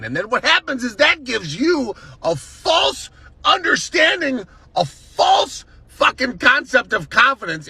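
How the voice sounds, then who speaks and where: A man ranting heatedly to the camera, swearing and at times shouting. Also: high-pitched, husky, no room sound. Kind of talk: angry rant to camera.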